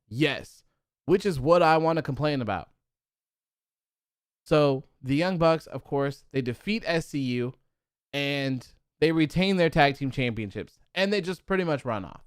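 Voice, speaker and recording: A man's voice: on the high side, expressive, unhurried, clean tone, dry recording, clean studio sound. A man hosting a live stream, talking casually and full of fillers, reading chat comments and building into exasperated rants. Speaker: host of a wrestling post-show live stream.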